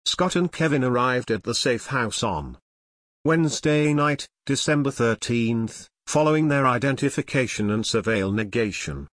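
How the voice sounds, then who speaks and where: A man reading scripted true-crime narration in a measured, expressive storytelling manner. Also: medium pitch, dry recording, studio quality.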